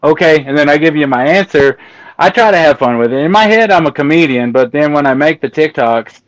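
A man's voice: on the high side, lively intonation, a little fast, dry recording, poor audio. A man in casual podcast conversation, telling stories about his job with amusement and acting out the exchanges he quotes. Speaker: guest, embalmer and autopsy tech.

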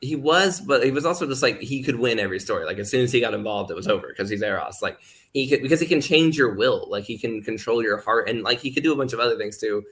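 A man with a medium-pitched, bright, husky voice talks fast and expressively with few pauses. As a guest on a podcast, he rambles casually, leaning heavily on "like" and acting out quoted voices as he explains things.

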